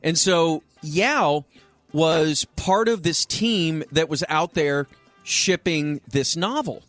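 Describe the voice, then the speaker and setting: A man co-hosting a radio show, chatting casually and telling a long story to his co-hosts in an animated way. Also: a little high, takes it slowly, no room sound, faint music behind. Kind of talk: casual sports-radio banter.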